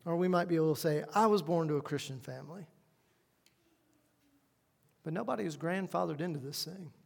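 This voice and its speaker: A high-voiced man preaches a sermon, earnest and emphatic, pushing his key points loud before dropping to quiet asides. His voice rings with the long reverb of a church hall. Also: a little fast, creaky. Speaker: pastor.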